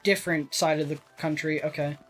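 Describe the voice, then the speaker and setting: A woman's voice: sits low, steady tone, a little fast, faint music behind. A woman from Texas hosting a let's play, chatting casually and joking at herself as she builds. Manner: rambling, self-mocking and jokey, with some swearing. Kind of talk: casual gaming commentary.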